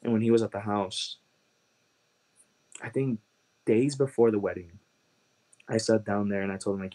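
Low-voiced man sharing his testimony. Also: mellow, rough recording. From Chicago, USA. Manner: earnest, halting, with many "like" and "you know" fillers. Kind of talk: personal testimony storytelling.

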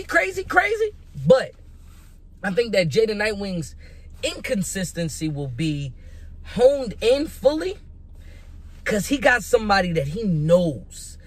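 Young male vlogger, fairly high and husky, emphatic, rhetorical, repeats himself. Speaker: vlogger making predictions. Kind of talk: casual hyped commentary.

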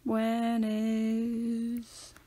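A woman's voice: on the high side, monotone, extremely slow. A young Northern Irish woman co-hosting a podcast, chatting playfully and breaking into giggles. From Northern Ireland. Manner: playful, bursts into loud giggling. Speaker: podcast co-host. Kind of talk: casual chat.

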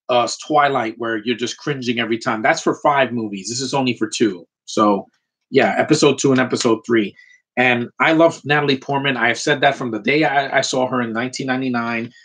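Thirties man, husky voice, casual opinionated vlogger, swears often, mid pitch. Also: a little fast, fairly bright tone. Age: 30s. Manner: opinionated, frequent mild swearing, rambling asides. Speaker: collector showing his items. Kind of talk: casual ranting vlog.

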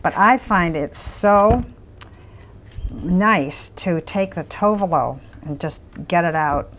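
A woman co-hosting a casual cooking demonstration in a kitchen, enthusiastic and quick to exclaim. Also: fairly low pitch, animated, slight background noise. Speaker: cooking show co-host.

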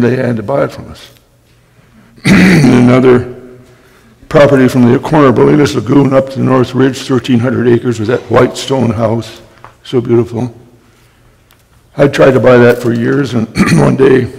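An older man, a guest speaker, telling wry anecdotes in a storytelling talk and clearing his throat often. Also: mid-range voice, darkish tone. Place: library talk hall. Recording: long hall reverb.

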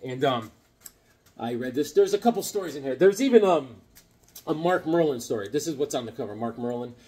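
A man in his fifties chatting casually about comic books to his viewers in a jokey, rambling, excitable way. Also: medium pitch, a little fast, breathy edge. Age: 50s. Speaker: comic book vlogger. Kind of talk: casual chat to camera.

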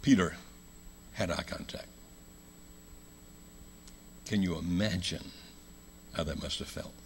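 An American man preaching a sermon in a church, telling a story with loud emphatic lines and hushed low ones. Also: slow, creaky, a little hiss or hum. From United States.

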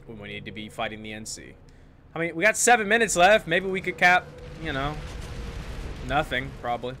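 A man chats casually over his gameplay in a slightly higher, bright and forceful voice. He jokes with himself and breaks into loud outbursts. A faint hiss sits under the recording. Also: very animated, a little fast. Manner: chatty, joking, loud outbursts. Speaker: gaming YouTuber.

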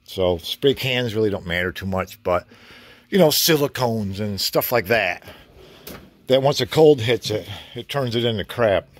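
A man's voice: on the low side, expressive, measured pace. A man casually vlogging a home-improvement project in his garage, rambling and chatty with mild cursing. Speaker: DIY vlogger.

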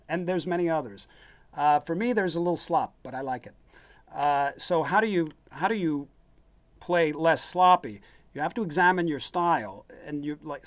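Rambling man explaining guitar technique. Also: fairly high pitch. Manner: rambling, relaxed, lots of fillers and restarts, chuckles. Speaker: guitar teacher hosting his own live stream. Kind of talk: casual demonstration talk. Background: guitar playing.

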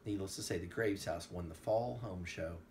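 A man reading a storybook aloud at home to a child, with animated storytelling and quick asides. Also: deep voice, slight background noise.

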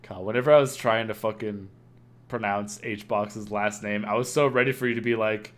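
A man's voice: on the low side, fairly even intonation, moderate pace. A young man chatting casually and joking on a live gaming stream. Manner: joking, laughs often.

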